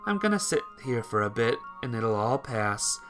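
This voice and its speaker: A man voicing a dizzy, slurring young woman in a game story, with soft, faltering, apologetic delivery. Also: medium pitch, sing-song, normal speed, faint music behind. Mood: weak, pleading.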